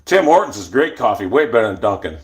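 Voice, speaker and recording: A man's voice: lowish voice, sing-song, fast. A man telling stories in a casual, rambling monologue, blunt and profane, with many restarts. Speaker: storyteller.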